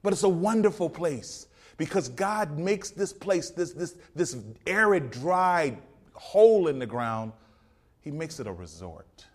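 A man preaching a rousing sermon, swinging from loud peaks to hushed passages and quoting scripture in old King James wording. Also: fairly high pitch, very animated, a little slow.

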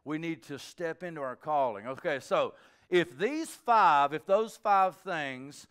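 A middle-aged male pastor giving an informal sermon, telling stories in a conversational way with sudden bursts of excitement. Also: fairly high pitch, slow, clear, resonant tone.

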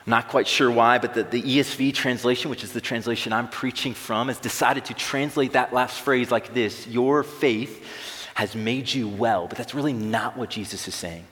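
A man's voice: medium pitch, a little fast, few pauses, fairly bright tone. A young man preaching a sermon to a large room, emphatic and building intensity on key phrases. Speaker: pastor. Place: large room with long reverb. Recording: echoey hall reverb.

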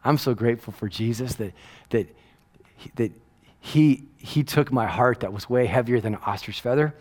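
A middle-aged pastor delivers a casual, conversational sermon in an animated, rambling way, often checking in with "right?" He drops from loud emphasis to hushed asides, with a medium-pitched voice at a moderate pace.

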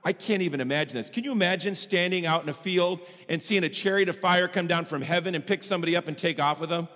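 A man pastor preaching a sermon with strong emphasis, swinging between loud and soft passages. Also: sits high, fast. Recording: long hall reverb.

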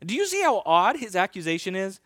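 High-voiced man preaching a sermon. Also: brisk, dry recording, studio quality. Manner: animated storytelling, acts out scenes. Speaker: pastor.

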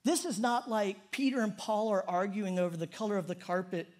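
A middle-aged man preaching a conversational, humorous sermon in a church. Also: brisk. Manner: conversational and humorous, prayer drops soft and low. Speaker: pastor.

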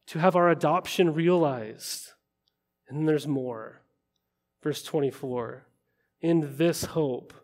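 Man, pastor, high-pitched voice, chatty sermon, asks the room questions. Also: darkish tone. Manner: conversational preaching, asks the congregation questions.

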